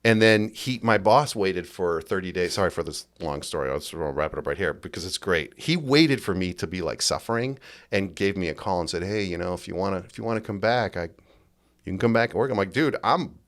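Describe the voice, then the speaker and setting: A man's voice: low-pitched, brisk. A man guest on a podcast, telling his stories casually and animatedly, acting out the people he quotes. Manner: animated, acts out quoted bosses in raised voices. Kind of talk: casual storytelling. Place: based in Las Vegas.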